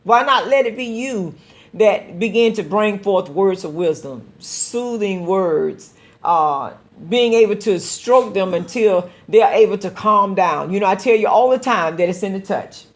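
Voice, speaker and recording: Speaking at a measured pace in a mid-range voice, a woman pastor hosts a call-in program. Her tone with listeners is earnest and exhorting, in a preaching style, and she often repeats words as a point takes shape.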